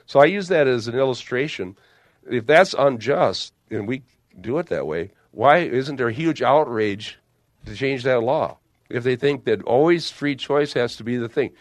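A man's voice: mid-range voice, no room sound. An older man teaching on the Bible in a discussion, building his points emphatically with illustrations. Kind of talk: theological discussion.

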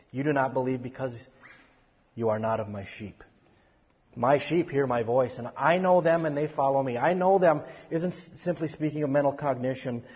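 A man with a husky, mid-range voice teaches a Bible study, earnestly explaining scripture with many restarts and emphatic stresses. The lo-fi audio sounds dull and carries a long hall reverb.

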